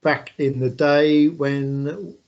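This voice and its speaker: Male host, higher-pitched, chatty, muffled lo-fi sound. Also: fairly even intonation, drawn-out words, gravelly, darkish tone. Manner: chatty, many fillers, jokey asides. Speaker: podcast host. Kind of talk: casual podcast hosting.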